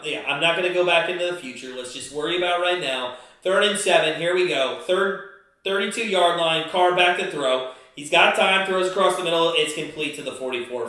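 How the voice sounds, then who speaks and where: High-voiced man calling plays live. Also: lively intonation. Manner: fast play-by-play, bursts into angry shouting and swearing. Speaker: live-stream host calling a football game. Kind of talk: excited play-by-play live reaction. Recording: very echoey room.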